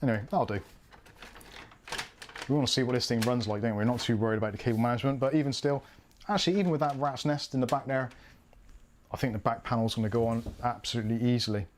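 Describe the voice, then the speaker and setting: This British streamer talks through a live PC build in a chatty, self-deprecating way, thinking aloud as he goes. His medium-pitched voice comes fast but with long pauses, over slight background noise.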